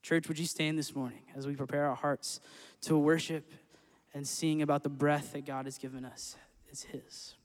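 Upbeat male worship leader, slightly high voice, sanctuary reverb. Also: little pitch movement, moderate pace. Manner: upbeat, joking, earnest. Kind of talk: church service worship talk and scripture reading. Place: church sanctuary. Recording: echoey church hall with long reverb.

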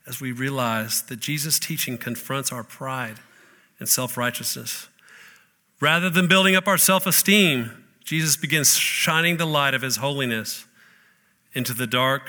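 Bright-voiced male pastor preaching. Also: medium pitch. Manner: storytelling, conversational preaching with rhetorical questions. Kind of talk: sermon.

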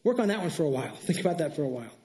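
A middle-aged male pastor preaching a sermon, telling stories in an animated way and laughing. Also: fairly high pitch, racing. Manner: animated storytelling, exclaims and laughs.

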